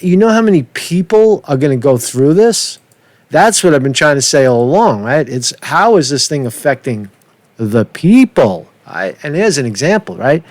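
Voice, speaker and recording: A man, his voice sitting a little above the usual male pitch, riffs on a casual livestream. He swears freely, repeats himself and keeps dropping "man" at the ends of lines. The sound is dry and close, with almost no room echo. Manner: swearing, fast and animated, repeats himself, says "man" a lot. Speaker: livestream host. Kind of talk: rambling casual livestream talk. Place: street in a big city.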